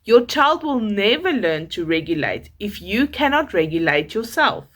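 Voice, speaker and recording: A young woman from South Africa with a South African accent, a mother calmly reading out parenting tips in a measured, advising way. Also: medium pitch. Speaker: parenting vlogger, mother of a toddler. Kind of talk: scripted parenting tips to camera.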